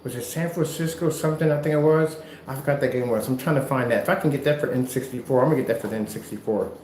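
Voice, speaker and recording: A man's voice: mid-range voice, very fast, a little mellow. A man explaining screen painting in a casual how-to vlog at home. He talks in a rambling, chatty way and often corrects himself. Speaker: maker of projection screen paint. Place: indoors at home. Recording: roomy echo, faint noise.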